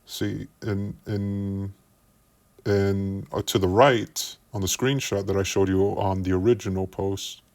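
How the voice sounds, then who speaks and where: A commentary YouTuber with a low, slightly mellow voice and little pitch movement calmly walks through screenshots one by one in an investigative breakdown, often repeating words as he builds his point.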